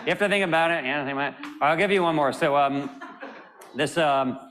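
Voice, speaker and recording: A man filling time at a panel by telling jokes, playful, dropping low and quiet to build up each punchline. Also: brisk. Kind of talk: stand-up joke telling at a panel.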